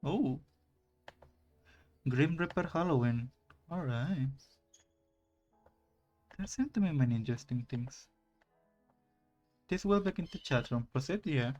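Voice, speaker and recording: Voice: medium pitch, lively intonation, a little slow, long pauses, darkish tone, faint music behind. A streamer casually playing a visual novel and reading the main character's lines with playful drama. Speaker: let's play streamer.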